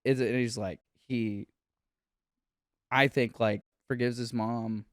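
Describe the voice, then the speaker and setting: A man chatting casually on a comedy podcast, retelling scenes in an animated way, laughing often and filling with "like". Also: medium pitch, slow, no room sound, clean studio sound. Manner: animated retelling, laughs a lot, many "like" fillers. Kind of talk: casual chat.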